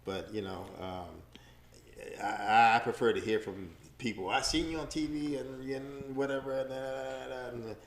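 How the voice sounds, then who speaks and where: A middle-aged man, a boxing referee, telling stories in a relaxed, rambling way with many fillers during an interview. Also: mid-range voice, measured pace. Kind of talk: casual interview storytelling. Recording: echoey room.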